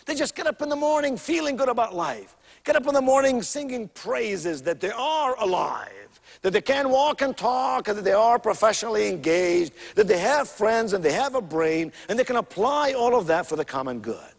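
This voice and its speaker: A man's voice: high voice, expressive, normal speed, gravelly, long reverb tail. A man giving a motivational keynote, telling stories with emphatic, theatrical delivery and rhythmic repetition. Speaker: motivational speaker.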